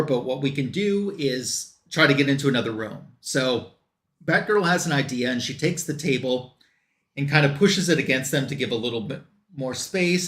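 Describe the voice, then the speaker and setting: A man's voice: medium pitch, fairly bright tone, roomy sound. A man recapping a comic book story in a loose, run-on way, quoting the characters as he goes.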